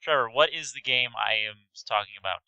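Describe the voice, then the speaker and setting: A man's voice: mid-range voice, fairly quick, creaky, sharp tone, dull audio. A man co-hosting a podcast, chatting casually with easygoing, dry remarks. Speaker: podcast co-host. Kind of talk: casual chat.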